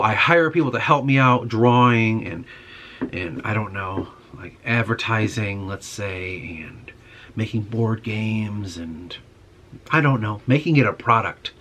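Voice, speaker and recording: A man's voice: medium pitch, a bit bright. A young man in a casual monologue, ranting with frustration and heavy swearing. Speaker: podcast host.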